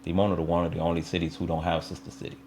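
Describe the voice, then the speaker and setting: A middle-aged man from Israel speaks as a guest in a conversational interview, his voice sitting very low. He is a lively storyteller who acts out the voices of the people in his tales. A faint hiss runs under the recording. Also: rapid-fire. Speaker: interview guest, youth basketball coach.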